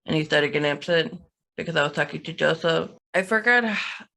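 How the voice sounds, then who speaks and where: A woman's voice: deep voice, fairly quick, vocal fry, pushed and bright. A woman, a podcast guest, telling a personal story in casual conversation.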